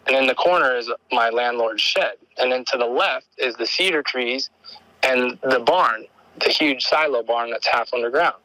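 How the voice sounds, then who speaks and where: A man's voice: medium pitch, normal speed, sharp tone, dry recording, rough recording. A man calling in to tell an encounter story, rambling and repeating words as he acts out what people said. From Oregon. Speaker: caller sharing an encounter story. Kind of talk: animated storytelling.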